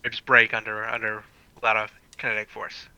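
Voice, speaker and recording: A man's voice: on the low side, monotone, brisk, sharp tone, smooth, no room sound, poor audio. A man playing a tabletop game, brash and profane. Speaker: player. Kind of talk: tabletop role-play.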